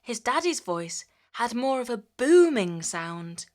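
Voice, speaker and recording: A woman's voice: on the high side, big pitch swings, slow pace. A woman narrating a children's story in a playful way, stretching words out to mimic sounds.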